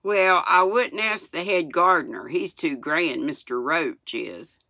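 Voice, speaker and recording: A woman's voice: on the low side, measured pace, creaky, sharp tone, no room sound, exaggerated voice. A woman voicing a cheerful young Yorkshire maid who talks in homely, plainspoken dialect. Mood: chatty.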